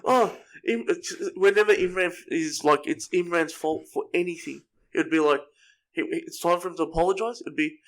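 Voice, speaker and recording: A man's voice: fairly high pitch, moderate pace, poor audio. A man co-hosting a podcast, teasing and needling his co-host in casual banter.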